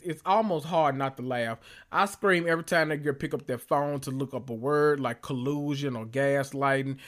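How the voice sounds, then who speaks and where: A man hosting a solo reality TV recap podcast, talking in a sassy, profane way with drawn-out emphasis. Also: fairly high pitch. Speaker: podcast host.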